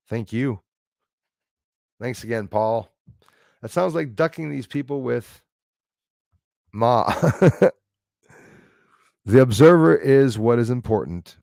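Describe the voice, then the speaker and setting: A man's voice: mid-range voice, measured pace, vocal fry, long pauses, darkish tone, no echo, clean studio sound. A man in his forties hosting a live stream, chatting loosely and chuckling often as he answers viewer comments. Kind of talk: casual chat reading viewer comments.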